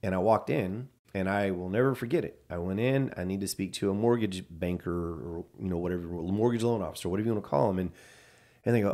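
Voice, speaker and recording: Man, low voice, casual storyteller who acts out quoted dialogue. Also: fairly quick, warm tone.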